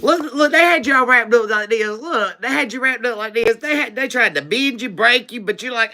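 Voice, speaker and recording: A woman's voice: on the high side, lively intonation, slow pace, long pauses, pushed and bright. A woman giving a live-streamed tarot reading, laughing often, repeating phrases for emphasis and calling her viewers baby. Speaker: tarot reader.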